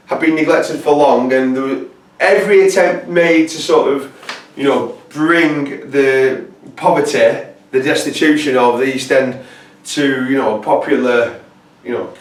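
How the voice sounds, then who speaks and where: A man lectures to a camera in loose, rambling fashion, stopping and restarting with fillers. His voice sits a bit high, and the sound is roomy and distant, picked up by a mic set well back. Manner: rambling, halting, many fillers. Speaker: presenter.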